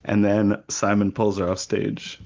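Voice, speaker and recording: A man's voice: lowish voice, completely flat delivery, unhurried, vocal fry, a little mellow, lo-fi sound. A man co-hosting a podcast, chatting casually and often laughing as he retells jokes from a movie. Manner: laughs often, acts out lines in silly voices. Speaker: podcast co-host.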